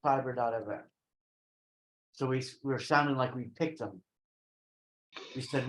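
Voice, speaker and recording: A man's voice: mid-range voice, a little slow, pauses often. A man in a casual online meeting, bantering playfully.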